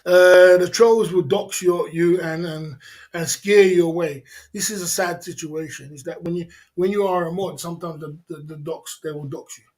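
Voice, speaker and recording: A man's voice: fairly high pitch, steady tone, moderate pace, darkish tone. A man hosting a livestream, talking casually and emphatically, repeating himself and laughing often. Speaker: livestream host.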